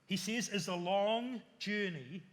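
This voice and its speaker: A man's voice: high-pitched, slow pace, long reverb tail. A male pastor preaching a sermon, earnest, piling up lists and asking rhetorical questions.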